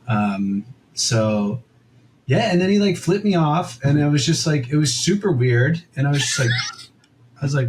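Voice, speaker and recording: A man's voice: mid-range voice, expressive, moderate pace, background noise. A young man co-hosting a podcast, telling a story in a rambling, casual way full of "like" and quoted asides. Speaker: podcast co-host.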